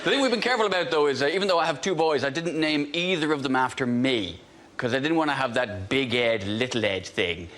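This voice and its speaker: A man's voice: mid-range voice, brisk, background noise. A man doing a dry, self-mocking stand-up routine on a TV panel show, with hesitant fillers. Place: TV studio with a live audience.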